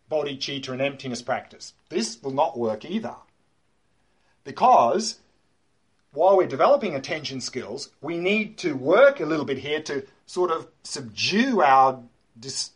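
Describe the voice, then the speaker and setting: A meditation teacher gives a talk to a class. He speaks in a slightly husky voice that sits a bit high for a man. He is emphatic, repeats his key words and points to a diagram as he explains.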